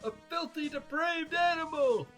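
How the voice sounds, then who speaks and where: A man voicing a cranky, paranoid old male craftsman who rants and shouts. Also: measured pace, faint music behind. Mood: furious. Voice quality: shrill, ranting. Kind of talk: game dialogue read aloud.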